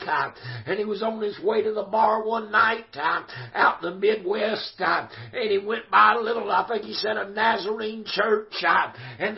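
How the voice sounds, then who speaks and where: An older man preaching a storytelling sermon, fervent and breaking into shouts, with many "uh" pauses. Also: sits high. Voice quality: gravelly. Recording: dull lo-fi recording.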